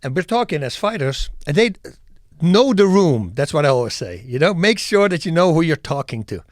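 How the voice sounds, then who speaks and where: A middle-aged man from the Netherlands, telling stories as a podcast guest in an animated, emphatic way and acting out scenes. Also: fairly high pitch, a little fast, no room sound, clean studio sound. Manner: animated, emphatic storyteller who acts out scenes. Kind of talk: podcast interview storytelling.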